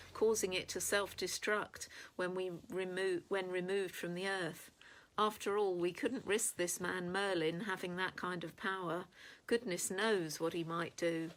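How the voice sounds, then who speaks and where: A woman reading a children's storybook aloud with steady, clear storytelling. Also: fairly low pitch. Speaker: storybook reader.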